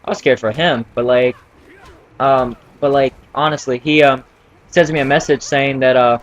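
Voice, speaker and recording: A man's voice: mid-range voice, steady tone, normal speed, lo-fi sound. A teenage boy casually telling a story from school, rambling with many fillers and restarts. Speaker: vlogger.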